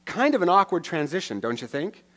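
A man's voice: a little high, big pitch swings, a little fast, bright, forceful tone. A middle-aged man preaching a sermon in a conversational way, with wry asides and questions to the listeners. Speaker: pastor.

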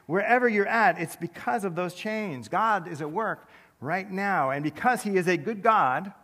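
Pastor, male, conversational sermon with self-mocking asides; slightly high voice, big reverberant hall. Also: a bit bright. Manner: conversational, self-deprecating humor with quick asides. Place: large church sanctuary.

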